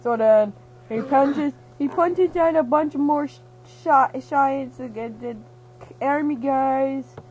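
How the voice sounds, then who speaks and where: A woman's voice: high voice, takes it slowly, darkish tone, dull audio. A young woman, half-asleep and giddy, rambling through a silly retelling of a movie, giggling and acting out the characters' lines. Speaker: storyteller.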